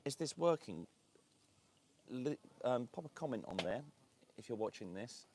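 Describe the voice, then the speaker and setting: A man's voice: medium pitch, very animated, unhurried, background noise. A man hosting a casual live stream from an outdoor beachside cafe, chatting in a rambling way with lots of fillers and frequent laughs. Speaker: host of a property and lifestyle channel.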